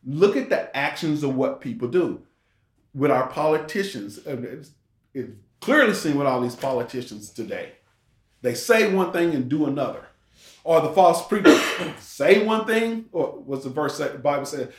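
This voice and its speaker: A man delivers a loose, conversational sermon, circling back on his words and posing questions to his listeners. His voice sits at an ordinary pitch. The room gives it a noticeable echo. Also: expressive, moderate pace. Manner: conversational, rambling, with restarts and rhetorical questions. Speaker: preacher. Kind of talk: informal sermon. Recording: roomy echo.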